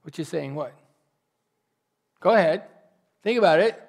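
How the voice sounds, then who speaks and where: A man preaching a sermon as a pastor, earnest and pleading, swinging between loud rises and soft, almost whispered drops. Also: a little high, animated, a little slow, gravelly.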